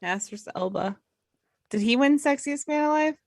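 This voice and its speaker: A woman co-hosting a live podcast in casual chat, talkative and quick to correct herself and apologize. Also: sits high, animated, darkish tone, dry recording, studio quality. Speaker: podcast co-host.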